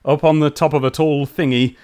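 A man co-hosting a casual podcast about comics, excitable and playful with made-up sound words. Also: fairly high pitch, a little fast. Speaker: podcast co-host.

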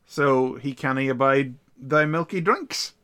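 A man co-hosting a podcast, chatting casually and telling the story with animated laughter. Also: mid-range voice, slow pace, a crowd in the background. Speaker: podcast co-host. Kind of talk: casual chat.

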